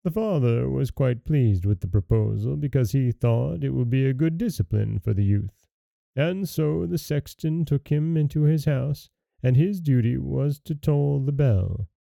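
Brief: male fairy-tale reader, dark gravelly voice, very dry close recording. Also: medium pitch, animated, no room sound. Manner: measured storybook narration. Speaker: storyteller host. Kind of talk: reading a fairy tale aloud.

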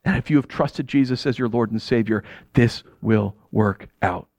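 A man's voice: medium pitch, normal speed, a little mellow, no echo. A middle-aged man preaching a conversational sermon as a pastor. He repeats phrases for emphasis and acts out quoted voices.

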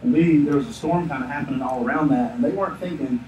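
A male pastor preaching a sermon in a lively, joking storytelling manner. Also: medium pitch, fast, muffled recording, slight background noise. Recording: echoey room, distant mic.

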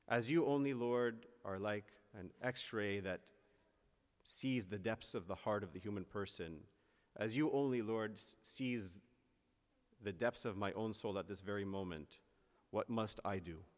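A male priest delivers a sermon in a low voice. He builds earnestly to emphatic high points and then slows down deliberately on the phrases that matter. His words hang in the long reverb of a church.

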